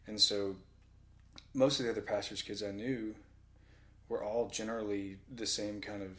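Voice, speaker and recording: A man with a fairly low voice talks casually and tells stories with lots of energy. He laughs often as he goes. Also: normal speed. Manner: animated storyteller, laughs often. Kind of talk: casual conversation.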